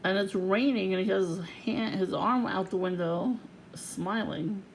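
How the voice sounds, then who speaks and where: Casual profane rant, gravelly voice, frequent laughs, vlogger, faint background noise. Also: mid-range voice, fairly even intonation, measured pace, rough recording. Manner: profane, venting, laughs often.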